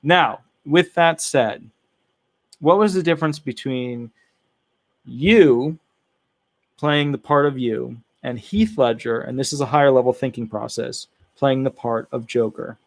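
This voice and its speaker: A man's voice: medium pitch, a little slow, gravelly, no room sound. Upbeat coaching man, dry close sound. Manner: direct, encouraging questioner. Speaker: disability advocate coaching a claimant. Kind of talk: coaching interview.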